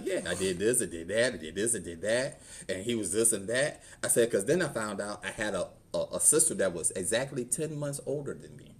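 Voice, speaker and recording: A man's voice: lowish voice, expressive, normal speed, few pauses. A middle-aged man with a Southern US accent, a pastor telling his own story in a conversational sermon and acting out the voices in it. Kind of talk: testimony sermon. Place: church.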